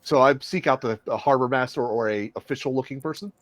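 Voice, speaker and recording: A man's voice: medium pitch, quick pace. A man playing a tabletop game, hesitant and prone to repeating himself, mock-formal when in character. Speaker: player. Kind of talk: tabletop role-play, in and out of character.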